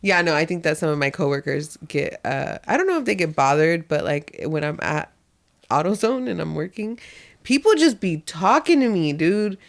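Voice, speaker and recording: A woman's voice: deep voice, big pitch swings, normal speed. A young woman co-hosting a podcast, chatting casually and acting out quotes in her stories, often laughing. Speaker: podcast co-host. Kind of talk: casual chat.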